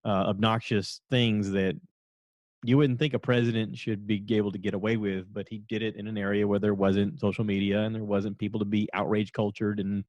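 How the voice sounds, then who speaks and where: A man hosting his own podcast, chatting casually and rambling from one story to the next, now and then jumping into a high voice to quote people. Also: brisk, no room sound, lo-fi sound. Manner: rambling, animated, jumps into high voices when quoting people. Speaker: podcast host. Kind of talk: casual solo podcast chat.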